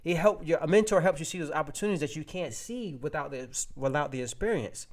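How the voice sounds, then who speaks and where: A man presenting a real estate webinar, telling a casual, animated story full of restarts and fillers to his audience. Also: a little high, quick pace.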